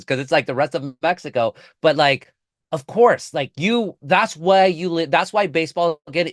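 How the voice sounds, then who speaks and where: A man's voice: fairly high pitch, no room sound, clean studio sound. A man from Southern California, a newspaper columnist talking as a guest on a podcast, speaking emphatically and slipping into Spanish phrases. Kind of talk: casual podcast conversation.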